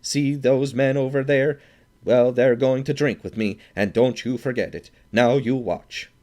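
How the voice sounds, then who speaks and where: A man voicing a drunk, burly, boastful Swedish man who blusters loudly and demands everyone drink with him. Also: medium pitch, steady tone, a little slow, pitched above the performer's own voice, natural voice. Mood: belligerent.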